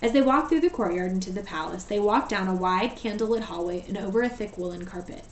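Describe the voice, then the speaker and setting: Teacher reading a storybook aloud, roomy echo. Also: female voice, mid-range voice, fast talker, a little hiss or hum. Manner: steady, gentle narration. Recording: echoey room, voice far from mic.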